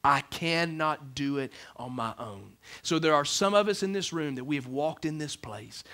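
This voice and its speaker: A man, preaching a sermon as pastor of a church, swinging between loud emphasis and hushed lines. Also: a little high, moderate pace. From Alabama, USA. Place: church sanctuary with a congregation.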